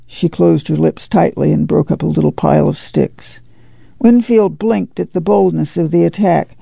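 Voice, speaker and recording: Male audiobook narrator, higher gravelly voice, husky, dry dull recording. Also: moderate pace, dry recording. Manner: steady storytelling delivery. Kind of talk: scripted narration.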